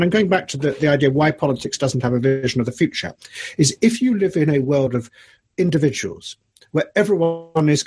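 A man's voice: fairly high pitch, a little mellow, slightly rough. A man, a documentary filmmaker, talking through his ideas as an interview guest, musing and argumentative with many restarts. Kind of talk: animated interview talk.

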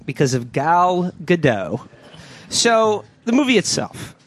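Higher-voiced man hosting a comedy podcast. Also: sing-song, slow pace. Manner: rambling recap with fillers and mocking asides. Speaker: podcast host. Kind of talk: casual comedic discussion.

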